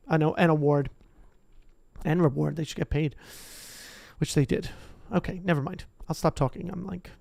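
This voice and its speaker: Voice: mid-range voice, no room sound, clean studio sound. A reader reading a children's fantasy book aloud casually, chatty and rambling with self-corrections in the asides. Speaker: audiobook reader.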